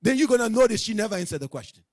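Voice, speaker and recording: A man's voice: sits high, big pitch swings, very fast, a little mellow, no room sound, clean studio sound. A man teaching a religious class in a sermon style, emphatic and direct, often asking his listeners whether they understand.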